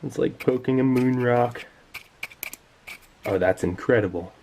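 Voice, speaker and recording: A man's voice: medium pitch, unhurried, vocal fry, darkish tone, a little hiss or hum. A man giving casual, enthusiastic commentary while tasting old rations, sometimes talking with his mouth full. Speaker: food tasting vlogger.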